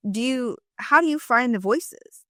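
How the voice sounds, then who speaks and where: Female podcast host, middle-aged, smooth voice, eager chatty manner, dry close sound. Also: on the high side, animated, a bit bright, dry recording. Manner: enthusiastic, chatty, quick asides. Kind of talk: casual interview chat.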